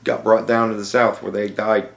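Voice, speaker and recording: Swearing constantly, a young man hosts a podcast and delivers a sarcastic rant. He speaks at a moderate pace in a lowish, creaky voice with a flat delivery, and the room he's in is echoey.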